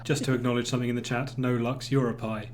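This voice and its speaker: A man's voice: medium pitch, flat delivery, fast, a little hiss or hum. A man hosting a casual live game show, joking while he runs the rounds. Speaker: game host.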